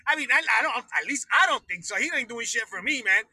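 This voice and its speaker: High, bright-voiced man ranting. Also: expressive, fast, breathy edge, dry recording, poor audio. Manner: profane, rambling, laughs often. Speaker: livestream host. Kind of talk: casual political rant.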